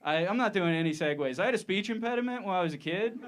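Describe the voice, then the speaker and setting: A man's voice: high-pitched, expressive, quick pace. A man from Ohio doing a stand-up comedy set on a club stage into a handheld mic, rambling and self-mocking with loose asides.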